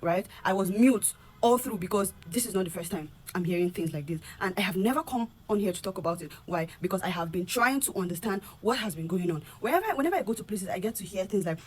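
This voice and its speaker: A young woman with a Nigerian accent pours out an aggrieved vlog to camera. Her voice is husky and her speech rushes along quickly. She drops into Pidgin now and then and repeats herself as she presses her point. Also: expressive. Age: young adult. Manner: earnest and aggrieved, repeats words and rises in pitch when heated, mixes in Pidgin. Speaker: vlogger. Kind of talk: impassioned direct-to-camera rant.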